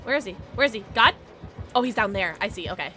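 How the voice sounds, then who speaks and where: A young woman live-streaming a game, giggly and excitable, chatting with her viewers and squealing at the game. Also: medium pitch, fast talker, soft background music.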